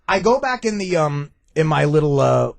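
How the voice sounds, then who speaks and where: A man's voice: a little high, very animated, moderate pace, vocal fry. A man guest telling a story on a radio show, laughing and stammering through restarts. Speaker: guest comedian.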